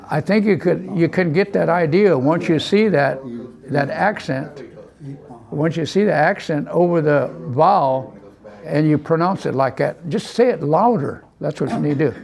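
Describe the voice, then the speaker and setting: Gravelly man teaching a language class. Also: a little high. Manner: relaxed, repeats words slowly for students, chuckles.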